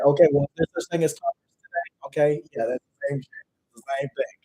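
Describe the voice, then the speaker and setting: A man's voice: fairly high pitch, fairly even intonation, fast, warm tone, slightly rough, rough recording. Slangy man lecturing casually. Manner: conversational, slangy, repeats phrases for emphasis. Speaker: livestream teacher. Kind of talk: casual lecture reading from dictionaries.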